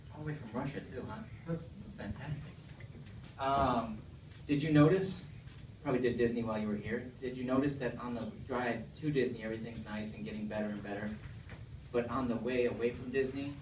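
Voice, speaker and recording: A male stand-up comedian talking to the crowd on a club stage in a loose, conversational way and throwing questions at the audience. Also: mid-range voice. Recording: echoey room, distant mic, faint noise.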